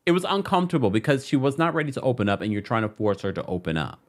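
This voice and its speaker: A man hosting a casual reality TV recap, chatty and animated, repeating phrases for emphasis. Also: medium pitch, rapid-fire.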